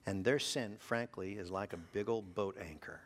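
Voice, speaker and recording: A man preaching a sermon, asking his congregation rhetorical questions and dropping to a hush for emphasis. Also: fairly low pitch, normal speed. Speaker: pastor.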